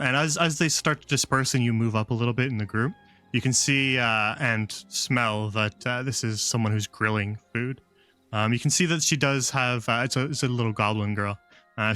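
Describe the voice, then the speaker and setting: A man's voice: mid-range voice, bright, forceful tone, clear, resonant tone. Man, game master, tabletop narration, rambling, lots of fillers, faint music.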